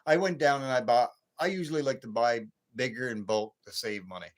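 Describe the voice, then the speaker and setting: A man's voice: mid-range voice, a little fast. A man in his late fifties hosting a late-night livestream, ranting and rambling with many repeats and restarts. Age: 50s. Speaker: livestream host.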